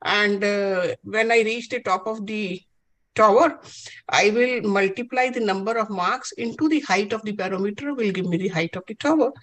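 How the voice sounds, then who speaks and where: A man's voice: high voice, normal speed, fairly bright tone, rough recording. A woman voicing a clever, cheeky young male science student who patiently explains his answers. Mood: cheeky explaining.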